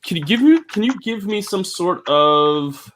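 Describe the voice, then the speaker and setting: A man narrating as game master for a tabletop game, halting with many restarts. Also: sits high, animated, fairly bright tone, slight background noise. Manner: halting, full of fillers and restarts.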